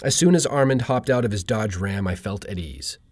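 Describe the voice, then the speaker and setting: A man reading his own humorous personal essay with a dry, deadpan delivery. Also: lowish voice, normal speed, breathy edge, dry recording. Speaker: narrator.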